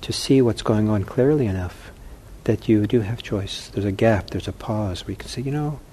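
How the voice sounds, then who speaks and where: A man teaching meditation who answers questions from the audience in a calm, gently humorous way and thinks aloud as he talks. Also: on the low side, normal speed, slight background noise.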